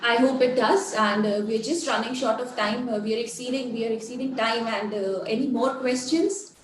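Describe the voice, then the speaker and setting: A woman's voice: fairly high pitch, fairly even intonation, moderate pace. A woman with an Indian English accent moderating an online workshop Q&A over a video call, earnest and repeating her points. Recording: echoey room, faint ambient noise.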